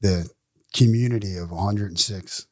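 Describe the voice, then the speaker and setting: A man's voice: fairly low pitch, normal speed. A man in his forties, a podcast guest, tells his recovery story candidly and bluntly, swearing freely and acting out what other people said. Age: 40s. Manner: blunt, profane, animated storyteller; acts out other people's lines in quoted voices.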